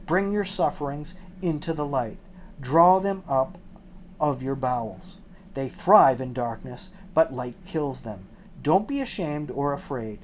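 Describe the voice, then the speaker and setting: A man reading a gentle, troubled old rabbi. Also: medium pitch, expressive, unhurried, a little hiss or hum, lightly acted. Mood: tender. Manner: tender, coaxing, softening. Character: older male rabbi, gentle, troubled, fatherly. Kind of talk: audiobook character reading.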